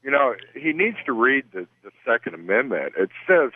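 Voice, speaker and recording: A man calling into a talk radio show, earnest, reciting a quote slowly for emphasis. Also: medium pitch, very animated. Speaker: caller. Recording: tinny phone line.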